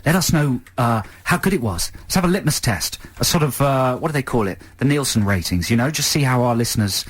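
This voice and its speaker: A man co-hosting a radio show, chatting casually with dry, deadpan jokes. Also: mid-range voice, brisk, hardly any pauses, no echo. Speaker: radio co-host. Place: radio studio. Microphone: studio microphone.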